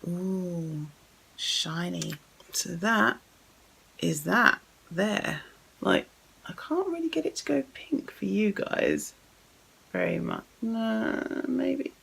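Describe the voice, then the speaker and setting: Chatty woman with a gravelly voice. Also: mid-range voice, a bit bright, poor audio. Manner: chatty, thinking aloud while swatching. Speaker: beauty vlogger. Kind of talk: casual unboxing chat.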